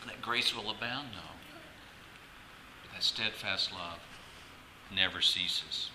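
A man pastor giving a casual, halting sermon to his congregation, repeating words and laughing often. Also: lowish voice, pushed and bright. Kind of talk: conversational sermon. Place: church sanctuary. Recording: echoey room, faint ambient noise.

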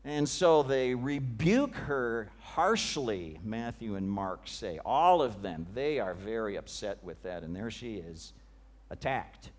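A male preacher giving a sermon, retelling a scene with dramatic, vivid storytelling that often drops to a hush. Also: medium pitch, lively intonation, slow.

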